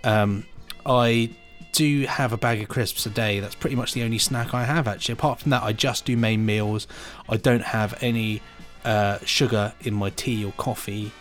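A man's voice: lowish voice, fairly even intonation, normal speed, hardly any pauses, soft background music. A man co-hosting a podcast, chatting casually and enthusiastically and laughing easily. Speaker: podcast co-host. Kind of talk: casual chat.

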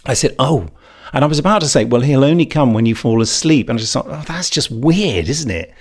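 A man's voice: mid-range voice, lively intonation, brisk, breathy edge. A middle-aged man with a wry, self-deprecating way of telling stories in casual chat.

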